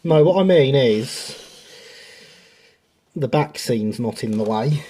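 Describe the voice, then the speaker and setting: A man's voice: medium pitch, slow. A man hosting a casual live stream while building a model railway, joking at his own expense. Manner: self-mocking, jokey, lively.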